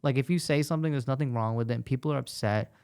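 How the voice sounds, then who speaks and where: Gravelly-voiced man telling stories. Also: mid-range voice. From United States. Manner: animated storytelling, quick asides. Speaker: stand-up comedian guest. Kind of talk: casual podcast conversation.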